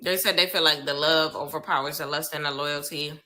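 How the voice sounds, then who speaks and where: A woman's voice: low voice, fairly even intonation, brisk, pushed and bright, poor audio. A young woman giving live reaction commentary on reality TV, exclaiming and talking to her viewers in casual slang.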